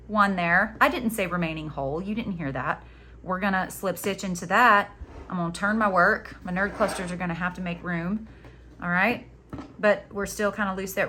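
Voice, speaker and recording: A woman hosting a casual crochet tutorial, chatty and playful, teasing herself and cheering on her viewers as she works. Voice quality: chatty, playful, self-mocking. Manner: animated, jumps in pitch when excited.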